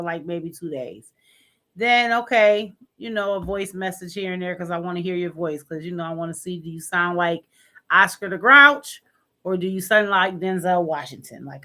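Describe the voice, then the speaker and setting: Frank bright-voiced woman. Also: lowish voice, normal speed. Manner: frank, matter-of-fact. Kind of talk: casual chat.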